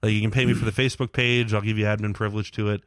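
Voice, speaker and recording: A young man co-hosting a podcast races through rambling casual stories, full of swearing and "like" and "uh." His lowish voice barely moves in pitch and sounds fairly bright and clean, recorded in clean studio sound without echo.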